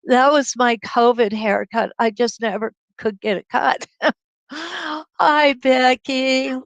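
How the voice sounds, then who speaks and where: Middle aged lady hosting a quilting livestream, high voice, slow and a bit gravelly, dry close sound. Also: fairly even intonation, no echo, low-quality recording. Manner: chatty and laughing, greets viewers by name. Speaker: host of a live quilting stream. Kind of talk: casual livestream chat greeting viewers. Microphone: computer webcam mic.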